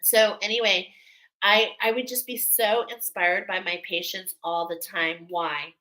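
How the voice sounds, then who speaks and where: A middle-aged woman reads oracle cards live, her voice bright and clear. She talks to her viewers in a soothing, emotional way, warm and heartfelt. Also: mid-range voice, fairly even intonation, unhurried, poor audio. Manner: emotional, soothing, drops to soft whispers at times. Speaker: oracle card reader. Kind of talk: live spiritual reading.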